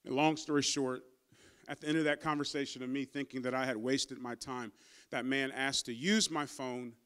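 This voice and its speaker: A man's voice: medium pitch, fairly even intonation, normal speed, fairly bright tone, smooth. A man pastor preaching a sermon, emphatic and calling out to his congregation, and stumbling over his words when emotional. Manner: stammers and repeats when emotional.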